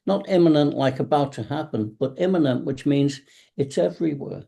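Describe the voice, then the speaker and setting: Man, tai chi teacher on a video call; dark gravelly tone, casual and anecdotal. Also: mid-range voice, expressive, moderate pace. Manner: rambling, anecdotal, acts out cab drivers' lines. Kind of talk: casual online panel talk.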